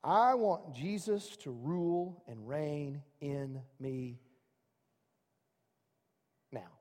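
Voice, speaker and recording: A man preaching a sermon as pastor, swinging from loud excited calls to quiet, soft asides. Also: on the high side, extremely slow. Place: church hall. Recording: long reverb of a large room.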